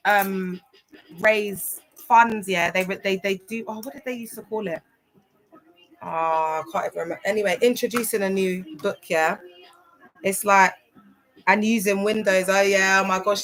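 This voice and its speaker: A woman hosting a casual livestream. She talks in an animated, emphatic way, circling back on her own points and greeting viewers by name. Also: mid-range voice, rough recording. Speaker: livestream host.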